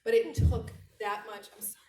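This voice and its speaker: A woman in her thirties delivers a lively motivational training talk to a room of listeners. She leans on repetition and slows down for the lines she wants written down. Her handheld mic sits away from her mouth, so the voice sounds distant and roomy, with a faint hiss underneath. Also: a little high. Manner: animated, repeats key phrases slowly. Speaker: sales trainer. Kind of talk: motivational talk to a live audience. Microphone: handheld mic held away from mouth.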